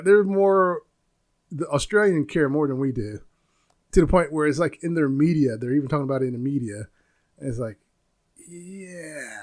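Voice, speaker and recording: A man nearing fifty from the United States talks through a casual solo podcast episode. He rambles, stops to hunt for words and laughs at his own points. His voice sits a little high for a man. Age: 40s. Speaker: podcast host.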